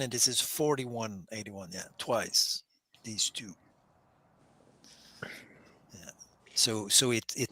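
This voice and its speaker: A man in a casual discussion, explaining Hebrew scripture in an animated way with frequent restarts. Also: mid-range voice.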